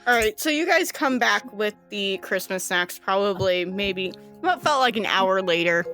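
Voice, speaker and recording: A woman's voice: medium pitch, expressive, moderate pace, sharp tone, faint music behind. A woman acting as game master, narrating a tabletop game in a playful, teasing way with frequent laughs.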